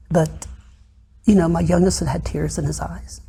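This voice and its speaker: A middle-aged man giving a personal testimony in an interview, retelling events haltingly with many pauses and often dropping soft and low. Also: steady tone, vocal fry, slight background noise. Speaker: interview guest.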